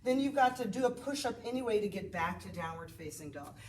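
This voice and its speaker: Woman, yoga instructor, chatty, encouraging breath cues, mid-pitched, faint room noise. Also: expressive, fast, distant mic. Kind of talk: guided beginner yoga class. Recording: roomy, off-mic with faint ambience.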